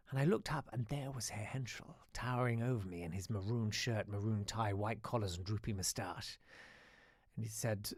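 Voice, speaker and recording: A man's voice: fairly low pitch, lively intonation, moderate pace, no room sound, clean studio sound. Guy hosting a show, wry rambly story with lots of asides, voice goes up and down a lot. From South-east London. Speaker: host. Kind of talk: casual live-show storytelling.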